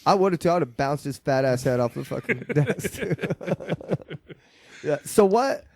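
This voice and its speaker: A man's voice: fairly high pitch, big pitch swings, moderate pace. A man hosting a podcast, telling profane stories in casual chat with frequent laughter. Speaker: podcast host.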